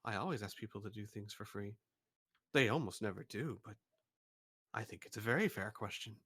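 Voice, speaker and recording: A man's voice: on the high side, big pitch swings, slow, pushed and bright, slightly rough, no room sound, studio quality, heavily acted. A man voicing a scatterbrained, fussy shopkeeper who mutters and repeats himself in a tabletop game. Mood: deadpan.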